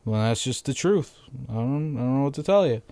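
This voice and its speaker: A man's voice: medium pitch, animated, brisk, warm tone, no room sound. Brief: young man, Massachusetts accent, medium voice, cursing, dry recording. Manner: profane, rambling, blunt. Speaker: podcast host. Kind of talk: casual solo podcast rant.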